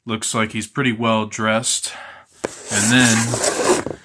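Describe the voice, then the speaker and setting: A man improvising a comic story, slow and halting, with many fillers and throat clearing. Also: on the low side, flat delivery, heavy background noise.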